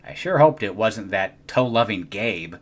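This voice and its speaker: A young adult man reading a children's storybook aloud in an expressive, animated way. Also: on the low side, measured pace, slight background noise. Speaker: storybook reader.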